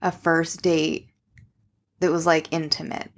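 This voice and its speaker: Woman podcast co-host, slightly low voice, reacts with quick quips. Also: level tone. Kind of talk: casual chat.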